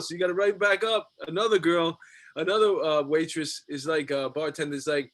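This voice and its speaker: A man tells stories in a casual chat, animated and fond of acting out the people in them. His pitch sits a little higher than most men's. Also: fairly quick. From New York. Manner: animated storyteller, acts out voices. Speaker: guest comedian. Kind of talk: casual storytelling.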